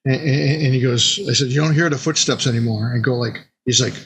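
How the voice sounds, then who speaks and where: A man telling an old tabletop game story in a casual, animated way, jumping into quick bits of the players' and the monster's voices. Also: mid-range voice, a little hiss or hum.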